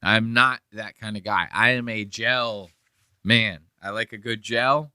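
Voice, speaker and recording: A man's voice: fairly low pitch, steady tone, unhurried, pushed and bright, smooth, dry recording, studio quality. A man hosting a podcast, chatting in a rambling, joking and profane way. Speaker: podcast host. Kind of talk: casual podcast commentary.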